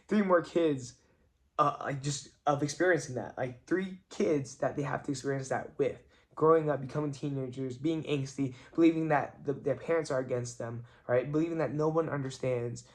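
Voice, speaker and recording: A young man vlogging, telling a family story in an earnest, reflective way and filling his talk with "like". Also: fairly high pitch. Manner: chatty, many "like" fillers, earnest and reflective. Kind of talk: casual storytelling vlog.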